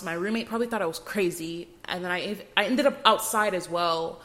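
A woman's voice: on the low side, brisk, bright, forceful tone. A young woman hosting a podcast, telling her personal faith testimony in an earnest, emotional way with frequent restarts. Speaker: podcast host.

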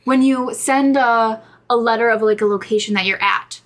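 A woman co-hosting a chatty folklore podcast, reading out legends and reacting with loud exclamations. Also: fairly high pitch, normal speed. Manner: animated and exclamatory, reads folklore aloud. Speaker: podcast co-host. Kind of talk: casual chat.

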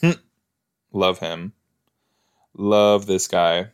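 Speaking slowly with frequent pauses, a podcast host in a lowish, animated voice jokes casually while he watches an episode. He's talkative and muses aloud, leaning on fillers.

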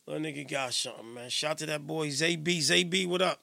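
A man hosting a live radio show in casual chat, playful and teasing, giving hyped shout-outs. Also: on the high side, fairly quick, vocal fry.

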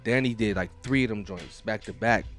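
A man co-hosting a podcast, recapping battle rap events in casual chat, animated and emphatic, swearing freely. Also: on the low side, fairly quick, soft background music.

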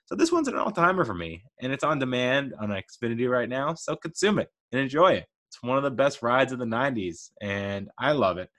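Young male podcast host, mid-range voice, chatty, excitable movie-fan energy. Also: mid-range voice, fairly quick, hardly any pauses. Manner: enthusiastic, chatty, playful. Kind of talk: casual movie review monologue.

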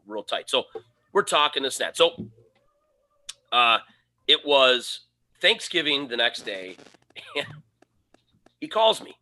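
A man co-hosting a podcast, telling a casual story and acting out the quoted lines with animation. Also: mid-range voice. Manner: animated, acts out his own quoted lines. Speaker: podcast co-host.

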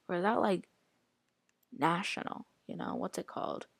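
A woman's voice: mid-range voice, fairly quick, creaky, no echo. A woman hosting a casual solo podcast, rambling and chatty, full of "like" and reacting aloud to what she scrolls through. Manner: rambling, chatty, heavy use of filler "like". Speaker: podcast host.

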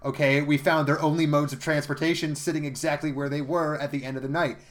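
A man's voice: fairly high pitch, level tone, fast. A man co-hosting a podcast, recapping episodes in a sarcastic, profane way. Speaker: podcast co-host. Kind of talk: casual chat.

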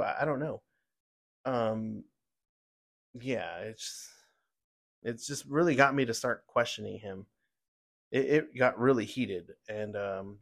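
A man's voice: medium pitch, creaky. Man ranting through a news podcast. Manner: heated, ranting, with many fillers and restarts. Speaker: podcast host. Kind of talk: opinionated news commentary.

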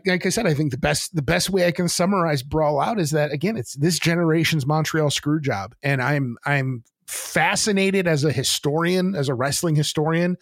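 A man's voice: on the high side, no room sound, clean studio sound. A man co-hosting a podcast, talking earnestly in casual chat with stammering restarts. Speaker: podcast co-host.

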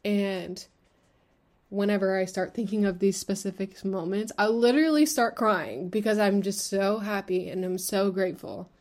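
Her mid-range, darkish voice moves at a normal speed. She's in her twenties, running a podcast alone and talking frankly in a loose, rambling way full of filler words and curses.

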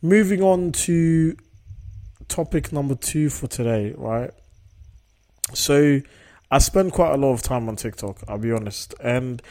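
A man's voice: medium pitch, a little slow, mellow. A young man hosting a casual solo podcast, talking reflectively and often checking in with the listener through tag questions. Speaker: podcast host.

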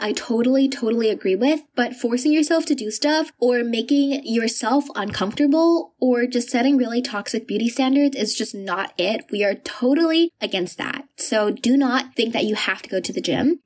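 Chatty young woman, fairly high voice. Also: a little mellow. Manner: chatty, fast, many filler likes. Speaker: podcast host. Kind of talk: casual advice monologue.

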